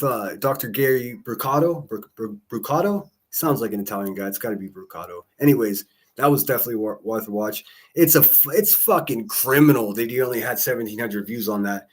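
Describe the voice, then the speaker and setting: A man chats on a livestream at an ordinary mid pitch. He rambles from one thing to the next, swearing freely and dropping jokey asides. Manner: rambling, profane, joking asides. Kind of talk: casual livestream chat.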